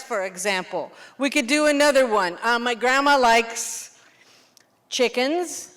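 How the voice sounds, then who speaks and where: Woman English teacher, brisk and animated, pitched a little high, voice ringing in a hall with long reverb. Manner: lively, animated teacher, quick questions to the room. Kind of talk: teacher workshop demonstration.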